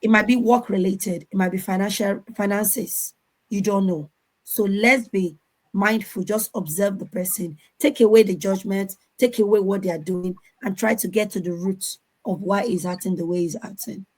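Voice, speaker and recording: A woman answering audience questions on a video call panel, lively and acting out the voices she quotes. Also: mid-range voice, normal speed, rough recording. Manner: animated, acts out quoted voices.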